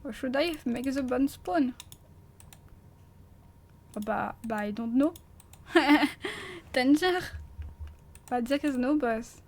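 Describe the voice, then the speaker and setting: A woman's voice: high voice, slow pace, pauses often. A woman with a French accent giving live gameplay commentary as a streamer, jumpy and stammering, swearing and laughing often.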